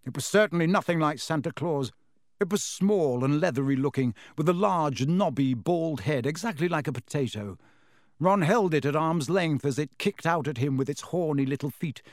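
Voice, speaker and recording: A man narrating a children's storybook in a steady, clear reading voice. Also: a little high, normal speed, no room sound, clean studio sound. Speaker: audiobook narrator.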